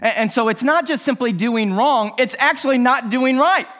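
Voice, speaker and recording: A man's voice: extremely high pitch, normal speed, a bit bright. A male pastor preaching a sermon, repeating his phrases and asking the listeners rhetorical questions.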